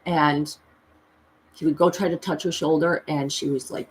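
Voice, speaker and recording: A woman in her thirties telling a personal story in a confessional vlog, emotional and earnest, with pitch jumping high as she recalls pleading. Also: fairly even intonation, normal speed. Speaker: tarot reader and vlogger.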